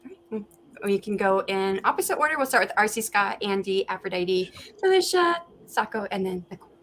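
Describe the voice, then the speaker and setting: A woman's voice: mid-range voice, lively intonation, a little fast, fairly bright tone, a little hiss or hum. A woman hosting a live video-call stream, chatting casually and laughing easily. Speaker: livestream host. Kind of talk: casual chat.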